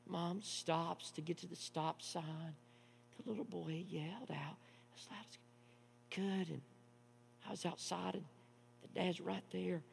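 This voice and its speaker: A man preaching a sermon, moving between hushed storytelling and loud, impassioned preaching. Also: sits high, fairly even intonation, unhurried, gravelly, long pauses. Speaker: pastor. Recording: long hall reverb with mains hum.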